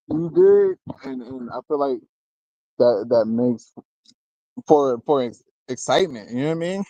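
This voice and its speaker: A man's voice: mid-range voice, very animated, unhurried, long pauses, warm tone, no echo, muffled recording. Man rambling battle rap host, dry sound. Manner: loose and rambling, constantly asking "you know what I mean"; laughs between remarks, jokes with chat. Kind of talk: casual commentary.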